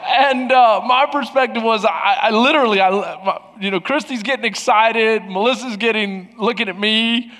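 A man's voice: sits high, fairly even intonation, normal speed, a bit bright. A middle-aged male pastor preaching a sermon, telling a personal story with emotional restarts and laughter. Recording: long hall reverb.

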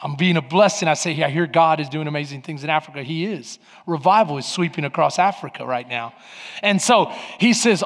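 A man, a pastor, telling a story in a sermon, swinging between shouting and quiet asides. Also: a little high, brisk. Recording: long hall reverb.

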